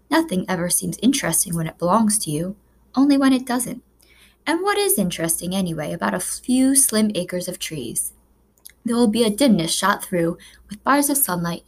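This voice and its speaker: A woman reading a children's novel aloud as a narrator, with measured, expressive storytelling. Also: medium pitch. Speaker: audiobook narrator. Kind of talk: scripted narration.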